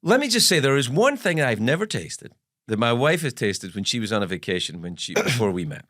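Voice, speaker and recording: Scottish host, 60s, Glasgow accent, animated raconteur, dry studio close-up. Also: male voice, fairly quick, no echo. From Scotland. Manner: animated storyteller, jumps pitch for emphasis. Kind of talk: casual chat.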